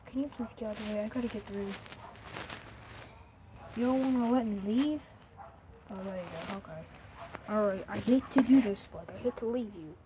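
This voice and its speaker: A woman standing outdoors in the cold by a door, talking softly and apologetically to a cat on her vlog. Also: mid-range voice. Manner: soft, pleading, apologetic. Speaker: vlogger. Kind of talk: casual talk to an animal. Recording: lo-fi phone audio with noisy outdoor background.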